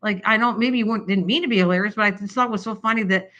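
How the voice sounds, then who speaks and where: An older woman rambles cheerfully to her livestream viewers about crafts, with a bright, sharp edge to her voice. Her talk wanders and breaks into laughs. The sound is dull and lo-fi, as if picked up by a camera's built-in mic at home. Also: medium pitch, rapid-fire. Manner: chatty, rambling, often laughing. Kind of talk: rambling casual livestream chat.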